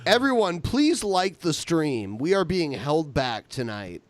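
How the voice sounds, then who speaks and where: Giggly podcast co-host man, dry and lively. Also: on the high side, measured pace, no room sound. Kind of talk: casual comedic chat.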